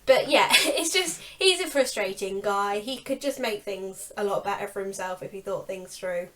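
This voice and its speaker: A woman's voice: mid-range voice, normal speed, fairly bright tone. A young woman co-hosting a book channel, chatting casually and laughing often as she vents. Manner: chatty, laughs often, exasperated about characters. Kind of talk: casual chat.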